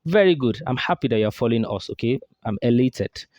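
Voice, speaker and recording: A man teaching Quran recitation, drilling throat sounds slowly with exaggerated demonstrations and quizzing his listeners as he goes. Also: medium pitch, animated, a little mellow, no echo. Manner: drills sounds slowly, asks and answers his own questions. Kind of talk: pronunciation lesson.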